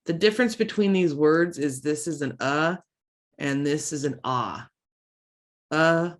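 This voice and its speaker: A woman teaching a language lesson online through a computer mic, slowly repeating words for learners and adding chatty asides in between. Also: sits low, sing-song. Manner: slow drawn-out word repetitions for learners; chatty asides with self-teasing.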